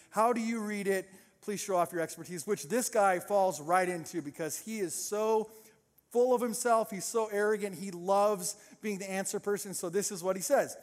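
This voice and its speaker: A man with a high voice preaches to a congregation and acts out the characters with sarcastic voices. His voice carries a long reverb from a large church hall. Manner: animated storytelling, acting out sarcastic voices. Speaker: pastor. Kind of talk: sermon.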